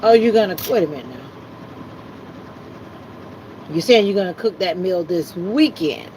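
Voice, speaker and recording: A woman's voice: on the low side, very animated, measured pace, poor audio. A woman from South Florida hosting a casual livestream, chatting and reading viewer comments aloud. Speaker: livestream host. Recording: loud background hum of air conditioning and engine.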